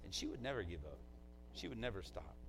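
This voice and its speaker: A man's voice: low-pitched, big pitch swings, quick pace, a little hiss or hum, rough recording. A man, a pastor, delivering a eulogy in a conversational, heartfelt way, often dropping in "man" as a filler.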